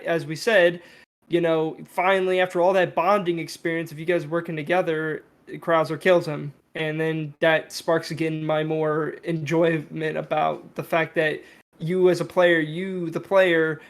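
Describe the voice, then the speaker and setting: A man's voice: fairly high pitch, flat delivery, a little slow. A man co-hosting a video game podcast, rambling in a casual review discussion. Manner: rambling, many fillers and restarts.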